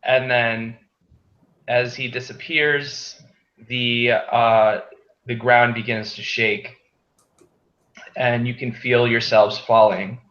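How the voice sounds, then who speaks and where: Slow, hesitant male game master. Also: medium pitch, flat delivery, a bit bright. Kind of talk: narrating a tabletop game. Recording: dull echoey room.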